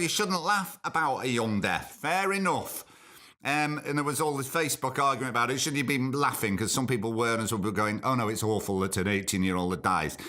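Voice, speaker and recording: A man's voice: medium pitch, pushed and bright. A man hosting a show, reading news stories aloud and breaking in with sarcastic, mocking asides. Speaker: host.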